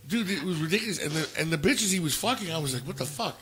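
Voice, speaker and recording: A man's voice: on the high side, expressive, fast, fairly bright tone, slight background noise. A man co-hosting a podcast, telling a story in blunt, profane casual chat and quoting what people said. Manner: profane, blunt, quotes people in his stories. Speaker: podcast co-host.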